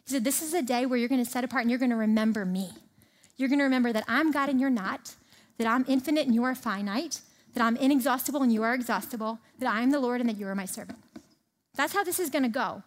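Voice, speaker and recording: A woman with a high voice preaching a sermon. She talks in a relaxed, conversational way, reads passages aloud, then retells them in plain everyday words. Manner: animated, conversational, reads scripture aloud and paraphrases it casually. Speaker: speaker teaching a Bible passage.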